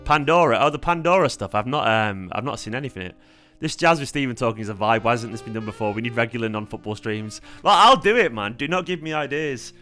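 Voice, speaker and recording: A laid-back young man chats on a livestream, rambling along with plenty of fillers. His voice sounds tired, yet it keeps a bright, forward edge, and soft guitar music plays faintly behind him. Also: mid-range voice, lively intonation, fast talker, hardly any pauses. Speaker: fan channel host. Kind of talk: casual livestream chat.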